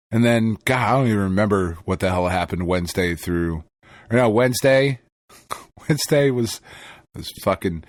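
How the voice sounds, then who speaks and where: A man's voice: lowish voice, dry recording, clean studio sound. A man co-hosting a podcast, telling a story in casual, profane chat and laughing often. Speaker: podcast co-host.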